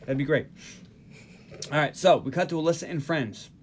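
A man's voice: fairly high pitch, moderate pace, a little hiss or hum. A man from the Northeast US hosting a casual podcast, animatedly retelling movie scenes. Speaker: podcast host. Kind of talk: casual movie recap chat.

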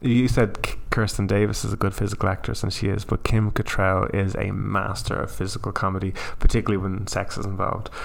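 A man's voice: fairly low pitch, little pitch movement, brisk, creaky, few pauses, a little hiss or hum. A young man chatting casually as a podcast co-host, enthusiastic and full of stumbling restarts. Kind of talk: casual chat.

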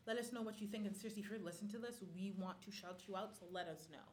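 A woman's voice: medium pitch, very fast, background noise. A young woman co-hosting a podcast in casual chat, teasing and laid-back. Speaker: podcast co-host.

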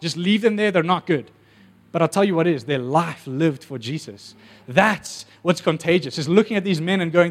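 A man preaching a sermon, telling stories with animated energy and acting out the voices. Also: high voice.

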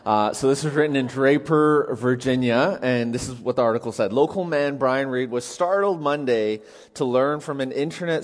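Male pastor, conversational sermon delivery, mid-pitched voice, long hall reverb. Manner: conversational, reads a joke aloud and laughs, asks the congregation questions. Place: church auditorium.

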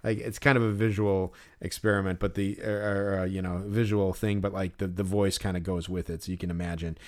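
A man's voice: low-pitched, flat delivery, a little fast. A young man co-hosting a podcast, telling a story in casual chat. He rambles and fills his speech with filler words. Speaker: podcast co-host.

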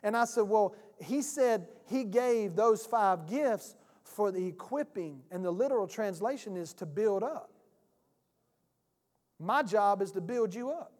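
A man's voice: high-pitched, animated, unhurried, darkish tone. A man preaching a sermon, a pastor telling a folksy story and acting out both sides of a phone call. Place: church sanctuary. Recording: church hall reverb.

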